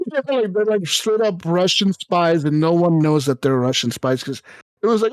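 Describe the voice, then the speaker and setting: A man hosting a podcast, telling a story in casual, excited, profane chat. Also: on the high side, moderate pace, no echo, rough recording. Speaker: podcast host.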